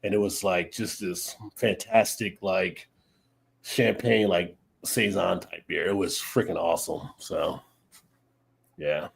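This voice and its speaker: A man's voice: deep voice, steady tone, slow pace, vocal fry, breathy edge. A man in casual chat on a live stream, telling rambling beer-trip stories and laughing often. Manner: rambling anecdotes with frequent laughter.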